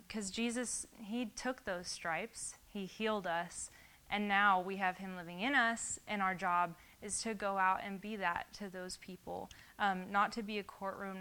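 A woman's voice: mid-range voice, sharp tone, clear, resonant tone. A woman giving an informal sermon, talking earnestly and conversationally and reading scripture aloud. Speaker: Bible study teacher.

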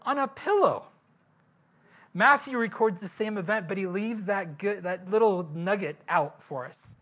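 A man's voice: sits high, unhurried, a bit bright. A male pastor giving a sermon in a conversational, storytelling way, asking the listeners questions.

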